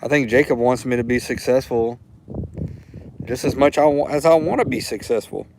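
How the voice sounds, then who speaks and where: A man's voice: mid-range voice, normal speed, a little mellow, a little hiss or hum, poor audio. A man from Louisiana with a Louisiana accent, hosting a casual livestream, rambling and heartfelt, repeating himself as he talks. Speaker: livestream host. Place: outdoors.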